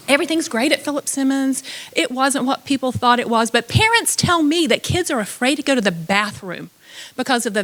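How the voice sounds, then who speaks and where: A woman speaking earnestly during public comment at a school board meeting, reading messages aloud. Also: fairly high pitch.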